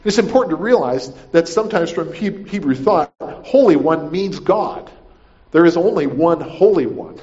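A man's voice: a little high, lively intonation, normal speed, mellow. A man preaching a conversational sermon, often asking "right?" and repeating himself as he explains the passage. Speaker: pastor. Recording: dull lo-fi recording.

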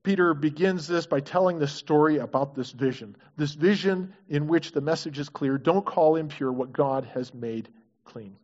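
Guy preaching a sermon, kinda high voice, muffled recording. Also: normal speed. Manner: asks the congregation questions, animated and earnest. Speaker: pastor. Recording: dull lo-fi recording.

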